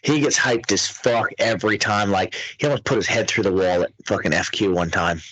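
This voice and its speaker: A young man co-hosting a casual podcast, excitable and swearing constantly as he chats about lifters. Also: fairly low pitch, fairly quick, no echo, poor audio. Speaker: podcast co-host. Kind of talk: casual profane chat.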